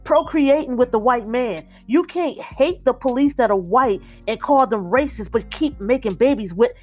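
A high-pitched woman on a casual talk show, speaking bluntly and emphatically and driving each point home by repeating it. Faint music plays behind her. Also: lively intonation, normal speed, a little mellow. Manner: blunt, emphatic, hammering repetition. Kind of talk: opinionated casual chat.

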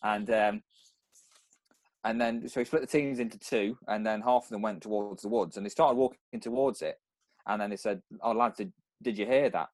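A man's voice: fairly low pitch, animated, normal speed, vocal fry, darkish tone, dry recording. A young man, co-hosting a casual podcast and telling rambling stories full of restarts. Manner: rambling storyteller, many restarts. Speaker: podcast co-host.

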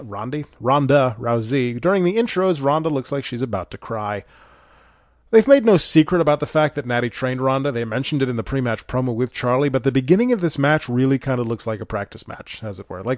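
A man's voice: mid-range voice, dry recording. A man hosting a podcast, reading a scripted wrestling recap with dry, sarcastic, profane asides. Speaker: podcast host reviewing wrestling shows.

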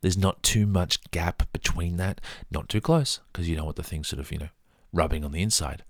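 A man's voice: sits low, normal speed, no room sound, studio quality. A man talking casually through his mug collection in a rambling, self-deprecating way. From Australia. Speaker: vlogger. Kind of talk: casual show-and-tell monologue.

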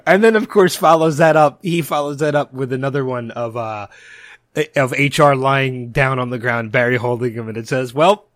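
Man co-host for a casual chat show; emotional, rambling delivery, mid pitch, dry booth sound. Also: fairly even intonation, normal speed, a bit bright, no echo. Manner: emotional, rambling with many restarts. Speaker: podcast co-host.

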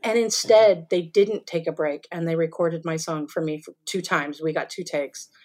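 Chatty woman, lowish voice. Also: fairly even intonation, moderate pace, a little mellow. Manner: chatty, laughing storyteller. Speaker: stage actress and guest. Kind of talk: casual interview chat.

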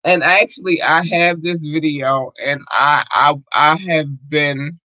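A man's voice: on the high side, fairly even intonation, slow pace, sharp tone, no room sound, low-quality recording. A man hosting a casual podcast livestream, talking loosely to his listeners with lots of fillers, slang and swearing. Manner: rambling, profane, many fillers, addresses listeners as y'all. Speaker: podcast host.

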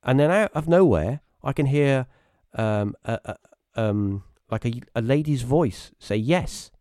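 A man with a British accent, a guest telling rambling personal stories casually, restarting often and jumping into high voices when he quotes people. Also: lively intonation, unhurried, mellow, no echo, studio quality. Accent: British English. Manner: rambling anecdotal storytelling with many restarts; acts out quoted voices with sudden high pitch. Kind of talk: casual storytelling on a live stream.

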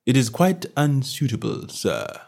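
A man voicing a reserved, disapproving male valet who speaks formally and quietly, ending lines with a clipped "sir". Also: mid-range voice, wildly swooping pitch, measured pace, creaky, full character voice.

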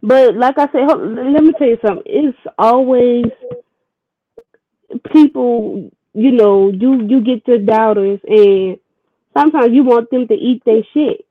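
Woman guest, high-pitched, sassy and encouraging, dry muffled recording. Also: unhurried, dry recording. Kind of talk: casual chat.

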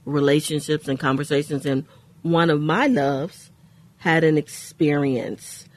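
A woman co-hosting a faith-based radio talk show, telling a personal story in an earnest way with pauses. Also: low voice, a little mellow, dry recording.

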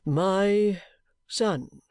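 A narrator voicing a vain, pompous elderly gentleman who speaks in grand, theatrical phrases and wallows in self-pity. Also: medium pitch, drawn-out words, smooth, no echo. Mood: magnanimous. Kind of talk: audiobook character reading.

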